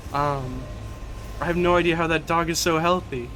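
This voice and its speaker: A man chats casually while streaming a video game, rambling and giggling through profane stories. His voice sits a little high, with a faint hum of noise in the background. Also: bright, forceful tone. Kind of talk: casual gameplay commentary.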